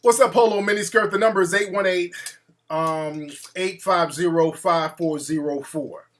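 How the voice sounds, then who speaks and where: Bright-voiced man telling a rowdy story. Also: high-pitched, moderate pace. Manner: animated, profane, acts out quotes. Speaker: radio show host. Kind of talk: storytelling on a call-in show.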